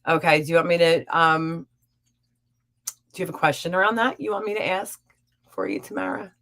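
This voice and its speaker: A young adult woman hosting a live stream as a psychic reader, chatting warmly and encouragingly with viewers. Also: deep voice, animated, a little fast. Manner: warm, encouraging and upbeat. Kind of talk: live-stream chat reading viewer comments.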